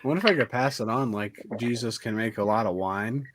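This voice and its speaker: A man's voice: fairly low pitch, fairly quick. This is a man in a casual group chat on a live stream. He giggles and laughs often while he jokes. A faint noise sits behind his voice. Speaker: stream co-host.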